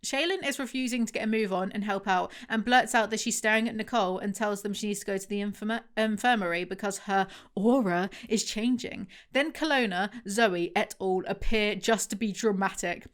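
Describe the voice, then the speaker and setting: A woman's voice: mid-range voice, fairly quick, few pauses. A young woman reviewing a book, reading passages aloud and breaking in with sarcastic, chatty asides to her viewers.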